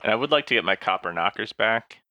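A man's voice: lowish voice, animated, fast talker, no echo, highs cut off. A man playing a tabletop game, chatting and joking with the group. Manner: joking, playful. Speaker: player.

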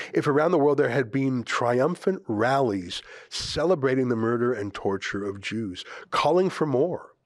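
A man's voice: mid-range voice, no echo. A man hosting an opinion commentary show, speaking emphatically and firing off sarcastic rhetorical questions. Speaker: host.

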